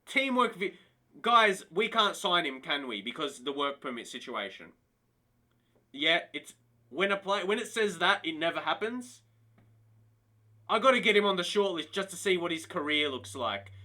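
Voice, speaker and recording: His voice sits on the high side and moves at normal speed. During a live stream of a football management game, he addresses viewers excitedly, laughing and crying out in disbelief in a casual commentary style.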